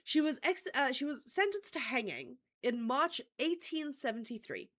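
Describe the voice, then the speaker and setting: A fairly high-pitched woman recounts a true-crime story on her stream. She talks loosely and conversationally, checking in with her listeners and dropping the odd curse word. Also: sing-song, normal speed, a bit bright. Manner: chatty, checks in with "okay?", swears casually. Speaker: stream host.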